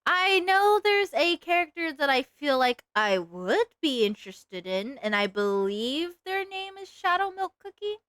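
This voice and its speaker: A woman's voice: sits high, big pitch swings, measured pace, hardly any pauses, a bit bright, no echo, clean studio sound. A young woman streamer chatting casually with her viewers while she draws, giggly and self-mocking. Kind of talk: casual live-stream chat while drawing.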